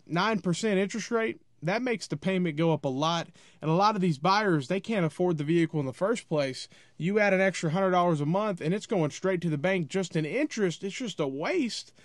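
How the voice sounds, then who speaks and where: A man's voice: sits high, no room sound, studio quality. A man giving a casual, blunt opinion rant to camera, sounding exasperated and repeating himself. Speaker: automotive commentator.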